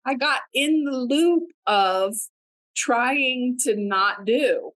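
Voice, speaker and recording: A woman co-hosting a podcast, telling a personal story in casual chat, animated and laughing, with many "like" fillers. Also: on the high side, drawn-out words, no room sound, rough recording. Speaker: podcast co-host.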